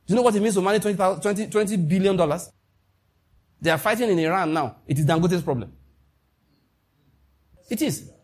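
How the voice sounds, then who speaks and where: Husky Nigerian pastor preaching emphatically. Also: male voice, high-pitched, brisk, pauses often. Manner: emphatic, animated preaching with Nigerian Pidgin asides. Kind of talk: sermon.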